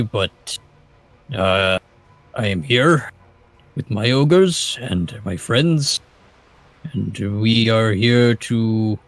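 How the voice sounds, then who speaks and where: A man's voice: lowish voice, fairly bright tone, dry recording. A man playing a proud, blunt male ogre captain in a tabletop game, answering in plain, simple words.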